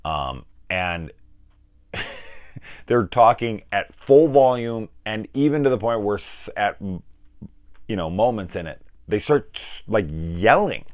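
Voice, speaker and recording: A man's voice: on the low side, animated, measured pace, dry recording, clean studio sound. A man hosting a film review channel, talking casually in a rambling, profane way and acting out scenes as he retells them.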